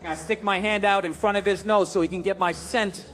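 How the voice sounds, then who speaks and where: High-voiced animated male stand-up comic. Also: a little fast, soft background music. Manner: animated, acts out voices, big swings to shouting. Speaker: stand-up comedian. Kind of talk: stand-up comedy.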